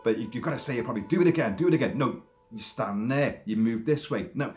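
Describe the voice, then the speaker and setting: A man doing a gruff, bossy old film star. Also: lowish voice, expressive, fairly quick, a bit bright. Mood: harsh. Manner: harsh, curt, bossy. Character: gruff stern older male film star coaching a young actor.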